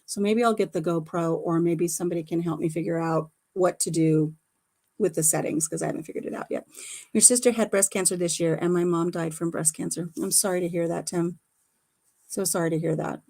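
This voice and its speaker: A woman's voice: on the low side, fairly even intonation, a little fast, mellow. A middle-aged woman hosting a casual home livestream on her phone, chatty and laughing often as she retells conversations. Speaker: livestream host. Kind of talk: casual chat.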